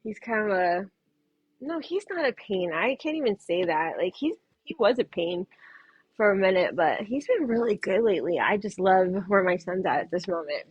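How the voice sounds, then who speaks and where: A woman's voice: mid-range voice, lively intonation, normal speed, breathy edge, no echo, highs cut off. A woman who reads tarot, chatting casually and loosely on a livestream from home and laughing often. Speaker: tarot reader.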